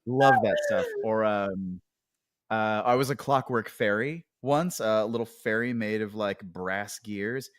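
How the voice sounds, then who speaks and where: A man's voice: on the low side, unhurried, smooth, no echo, studio quality. A man talking as a podcast guest in casual conversation, reflective and hesitant, with many fillers and restarts.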